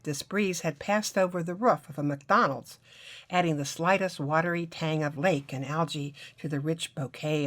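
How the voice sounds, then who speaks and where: A woman with a low voice reads her own novel aloud. She tells the first-person story wryly, with lively timing and a dry sense of humor. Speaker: author reading her novel. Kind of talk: reading fiction aloud.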